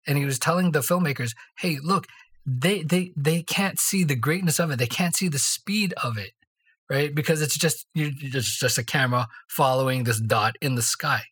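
A podcast co-host telling stories in a casual faith chat, mid-pitched and easygoing. The telling rambles and restarts, and keeps checking in with a quick "right?". It is a loose, conversational delivery. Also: fairly bright tone, slightly rough. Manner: rambling storyteller, tags lines with "right?".

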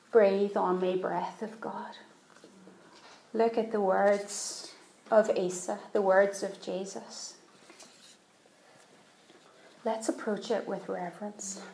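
A woman preaching in an echoey church hall, her voice slightly gravelly and mid-pitched. She tells the story earnestly and repeats phrases for emphasis. A faint hiss sits under the recording. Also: warm tone. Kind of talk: sermon storytelling.

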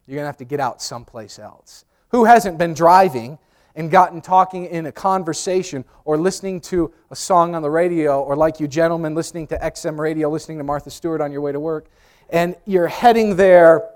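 A man preaching a sermon, telling lively personal stories, acting out voices loudly and often repeating words as he restarts. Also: fairly high pitch. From New York. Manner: animated storyteller, acts out voices loudly. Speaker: pastor. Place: church sanctuary.

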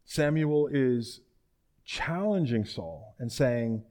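Chatty preacher retelling scripture. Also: male voice, mid-range voice, animated, slow, dark tone. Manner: chatty, asks listeners rhetorical questions. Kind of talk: conversational sermon retelling scripture.

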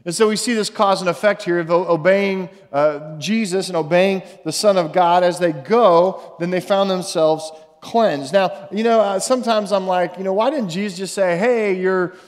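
A man preaching a morning sermon in a relaxed, conversational way, with many fillers and restarts, slowing down to read scripture aloud. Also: high-pitched. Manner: conversational, with fillers and repeated words; reads scripture aloud slowly. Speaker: pastor. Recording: long reverb of a large room.

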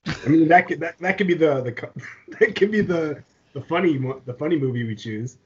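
A man's voice: a little high, brisk. A man co-hosting a podcast in casual chat, laughing often. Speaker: podcast co-host. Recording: dull lo-fi sound.

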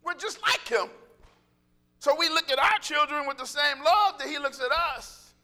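A man preaching a sermon, animated and joking, acting out little voices and calling out to the congregation. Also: very high-pitched, normal speed. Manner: animated, joking, acts out voices, laughs often; calls out to congregation.

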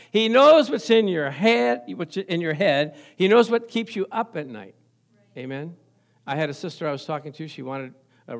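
A man's voice: fairly high pitch, creaky. A man preaching a sermon as pastor, telling everyday stories, laughing often and calling out to the congregation for amens. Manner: storytelling with call-and-response, laughing often.

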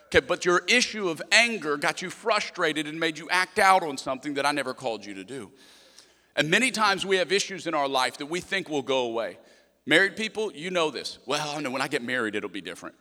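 A young pastor delivers a sermon with animated energy, acting out the voices in his quotes and speaking a little fast. His slightly high voice sounds bright and forceful, hanging in a long hall reverb.

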